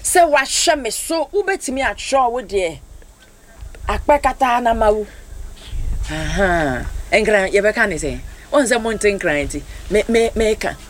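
A woman hosting a radio morning devotion, urging listeners to give thanks in an animated, exhorting way while switching languages. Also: medium pitch, takes it slowly, long pauses, slight background noise.

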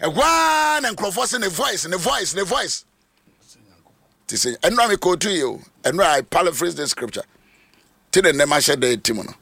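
A Ghanaian man delivers a sermon, mixing Twi and English. His voice is gravelly and a little husky, with a bright, forceful edge. He swings widely in pitch, from low talk up to high shouts, in a dry close recording. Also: very animated, normal speed, no room sound. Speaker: preacher.

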